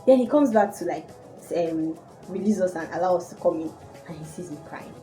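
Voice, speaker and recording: Animated young woman storyteller. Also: on the low side, brisk, faint music behind, low-quality recording. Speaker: vlogger. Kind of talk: casual storytelling to camera.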